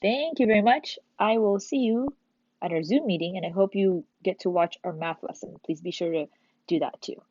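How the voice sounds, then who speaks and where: A woman teacher walking young pupils step by step through a recorded lesson, in an animated manner. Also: mid-range voice, moderate pace, no room sound, lo-fi sound. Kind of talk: recorded remote class lesson.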